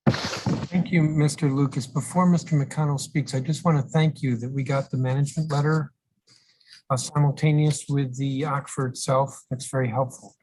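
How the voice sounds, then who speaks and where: A man's voice: mid-range voice, steady tone, moderate pace, a little mellow, low-quality recording. A man, a council member chairing the hearing, making brief polite remarks.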